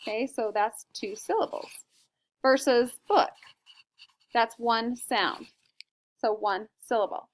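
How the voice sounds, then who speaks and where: A woman's voice: fairly high pitch, takes it slowly, pauses often. Patient woman teaching a lesson. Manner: patient, explanatory, checks in with "okay?". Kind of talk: recorded classroom lesson.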